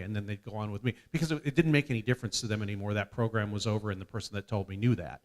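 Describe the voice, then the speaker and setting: A man speaking on a conference panel, measured and hesitant, with frequent fillers. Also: on the low side.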